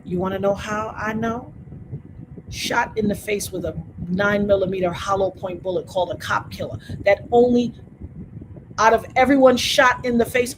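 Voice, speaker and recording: A woman's voice: medium pitch, noisy background. A woman hosting a livestream, talking straight to her viewers in an emphatic, preachy way. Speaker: livestream host. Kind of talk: casual livestream rant to chat.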